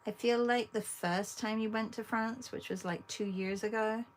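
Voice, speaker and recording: A woman with an English accent, hosting an art livestream, chatting casually with viewers while she paints and pausing often. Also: on the high side, steady tone. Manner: chatty, talks to viewers between long pauses.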